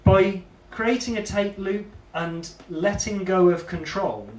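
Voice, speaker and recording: A man with a high-pitched, slow voice gives a casual, rambling demo of electronic music gear, poking fun at himself along the way. The recording has an echoey room, a distant mic and loud background noise.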